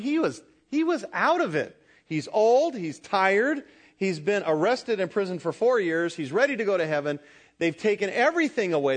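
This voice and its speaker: Guy preaching a sermon, high voice, very emphatic, throws questions at the crowd. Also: fairly bright tone. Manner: emphatic, call-and-response with congregation. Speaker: pastor. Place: church.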